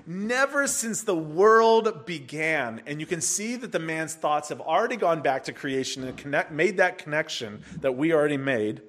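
Animated male preacher, high voice. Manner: animated, acts out voices of the text. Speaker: pastor. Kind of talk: expository sermon.

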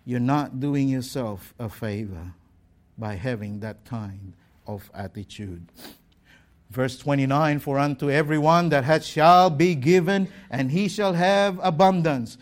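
A pastor preaching a sermon, exhorting the congregation with pointed rhetorical questions. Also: male voice, medium pitch. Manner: exhorting, rhetorical questions, slow deliberate delivery.

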